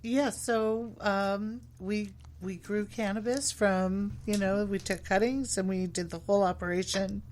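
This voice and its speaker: A woman's voice: mid-range voice, steady tone, measured pace, hardly any pauses, darkish tone, slight background noise. Hesitant woman guest, plenty of ums. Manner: hesitant, many ums and uhs. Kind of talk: casual chat.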